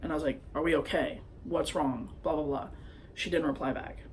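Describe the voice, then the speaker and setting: A man's voice: a little high, fairly even intonation, normal speed, a little hiss or hum. A young man vlogging into his phone, telling a personal story in a hesitant, rambling way full of fillers. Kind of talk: confessional personal vlog.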